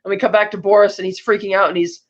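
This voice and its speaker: A woman's voice: medium pitch, flat delivery, rapid-fire, dull audio. A woman co-hosting a podcast, retelling a film plot in a rambling, chatty way. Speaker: podcast co-host. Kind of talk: casual chat recapping a film plot.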